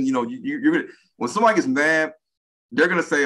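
An American man in his forties, a podcast guest, talks quickly in a mid-range voice. In casual conversation he tells stories with animation, acting out the quoted speech.

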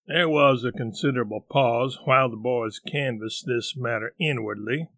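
A man narrating a classic novel in a measured, deliberate storytelling manner. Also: medium pitch, fairly bright tone, no echo. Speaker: audiobook narrator. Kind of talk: audiobook narration.

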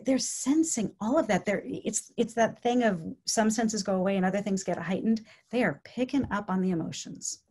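A woman giving an educational talk on dementia care in a casual way, often checking in with "okay?" and acting out quoted speech. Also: medium pitch. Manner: acts out quoted speech in lively voices. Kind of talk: educational presentation.

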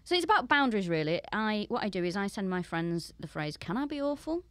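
A woman's voice: medium pitch, big pitch swings, quick pace, a bit bright, no echo. A woman with a Northern English accent, chatting as a comedian guest on a podcast, self-mocking and laughing often. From Northern England. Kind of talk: casual podcast chat.

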